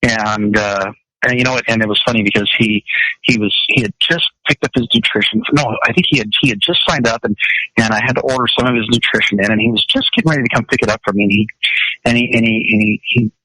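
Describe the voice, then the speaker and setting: A man's voice: mid-range voice, fast talker, pushed and bright, no room sound, low-quality recording. A man, a wellness practitioner, chatting on a radio show in a rambling way with many restarts. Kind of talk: casual radio chat.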